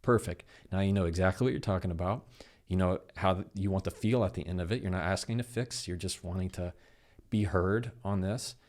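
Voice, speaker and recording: Casting note: man, low voice, animated explainer who acts out quoted dialogue, interview guest. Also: fairly quick. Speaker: guest, communication expert. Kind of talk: conversational interview.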